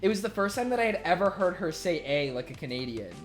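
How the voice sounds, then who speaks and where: A young man streams live, reading viewer messages and chatting in a high, sing-song voice, talking fast. He's loose and foul-mouthed, laughing frequently and shifting between loud and mumbled. Faint music plays in the background.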